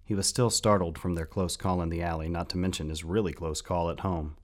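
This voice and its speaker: A man narrating a fantasy story in a steady, measured audiobook style. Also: low voice.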